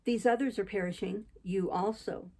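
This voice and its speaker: A woman's voice: medium pitch, steady tone, normal speed, warm tone, close to an everyday voice. A woman voicing a malicious old male wizard in a storybook reading, speaking with spiteful satisfaction. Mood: gloating.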